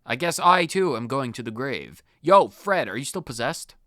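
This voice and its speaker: A man's voice: mid-range voice, expressive, moderate pace, pushed and bright, dry recording, clean studio sound. A man hosting a let's play, giving wry, joking game commentary.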